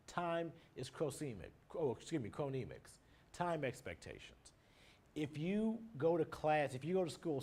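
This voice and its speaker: A man's voice: fairly high pitch, a little mellow. A married man teaching a class, explaining terms one by one with everyday examples in a plain lecture manner. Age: adult, married. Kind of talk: recorded lecture on nonverbal communication.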